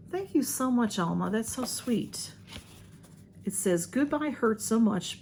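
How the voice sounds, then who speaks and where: A woman's voice: medium pitch, slight background noise. Chatty woman opening mail. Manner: chatty, warm, many ums and y'alls. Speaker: vlog host. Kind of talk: casual chat while unboxing mail.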